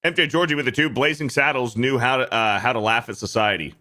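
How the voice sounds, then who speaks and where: A man's voice: mid-range voice, fast, bright, forceful tone. A man co-hosting a casual livestream, reading donor messages aloud and joking in a profane, mocking way. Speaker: co-host reading super chats.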